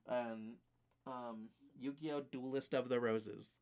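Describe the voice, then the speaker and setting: A man's voice: medium pitch, moderate pace, fairly bright tone. A man streaming live, ranting casually and profanely about games that beat him, rambling with fillers.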